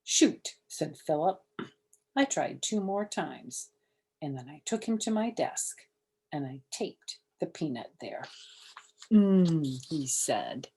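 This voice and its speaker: Husky grandmother reading a storybook. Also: deep voice, a little slow. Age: older. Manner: animated, chatty asides to listeners. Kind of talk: reading a children's chapter book aloud.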